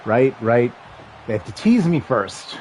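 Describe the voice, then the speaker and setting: A man in his thirties streaming a football video game, calling the plays and chatting with viewers in a rambling, excitable way. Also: mid-range voice, measured pace, a little hiss or hum. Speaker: livestream gamer and commentator. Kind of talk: casual play-by-play chat with chat.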